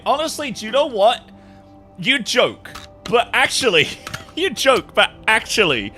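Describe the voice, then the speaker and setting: A man chatting casually with his livestream viewers, jet-lagged, animated, swearing freely and laughing often. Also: a little high. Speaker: live streamer.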